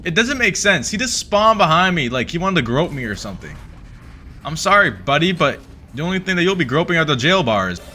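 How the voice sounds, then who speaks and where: A man giving excitable let's play commentary on a horror game, swinging between mutters and yelps. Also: on the high side, fairly quick, soft background music. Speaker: gaming YouTuber.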